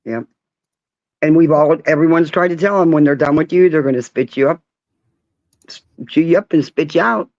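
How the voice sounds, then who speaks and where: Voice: mid-range voice, moderate pace, pauses often, darkish tone, no room sound, lo-fi sound. A caller on a livestream, chatting frankly and casually. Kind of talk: casual call-in chat.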